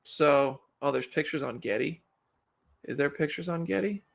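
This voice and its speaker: Man, live stream host, casual commentary, gravelly voice, fairly high pitch. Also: normal speed. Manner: chatty, reads chat and news aloud.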